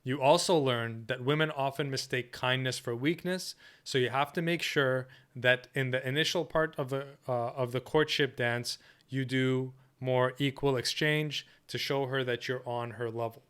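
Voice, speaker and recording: A man leads a workshop lesson with a smooth, clear voice at a middling pitch. He speaks firmly and assertively and keeps checking in with "okay?" and "right?" as he goes. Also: steady tone, normal speed, hardly any pauses, fairly bright tone. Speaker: dating coach.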